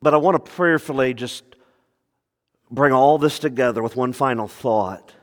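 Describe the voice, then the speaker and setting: A male pastor preaching an expository sermon, calling out to the congregation for answers and repeating phrases for emphasis, swinging between quiet asides and raised preaching. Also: medium pitch, moderate pace. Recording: long reverb of a large room.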